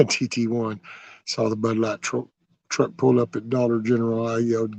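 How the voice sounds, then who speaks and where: A man with a drawl talks through a casual livestream in a gravelly voice with a rough edge, telling loose, folksy stories and answering viewers. His sound is close and dry, with no room around it. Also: medium pitch, level tone, a little slow, a little mellow, dry recording. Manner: rambling, folksy storytelling with mild cursing. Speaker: livestream host.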